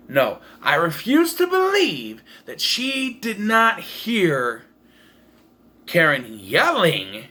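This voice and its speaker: A man rants his way through a movie review at home, rambling, blunt and profane, restarting his sentences often. His voice sits fairly high and sounds bright and forceful. He talks straight to a camera propped up on a makeshift stand. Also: wildly swooping pitch, slow pace. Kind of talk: casual movie review vlog. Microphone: camera propped on taped-together cases.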